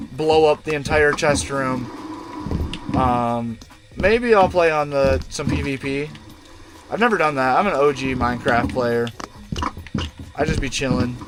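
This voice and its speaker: A man's voice: on the high side, background noise. A young man chatting casually and slangily on a long gaming livestream from inside a van, often cooing to his dog. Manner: laid-back slangy, talks to his dog. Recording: music playing behind.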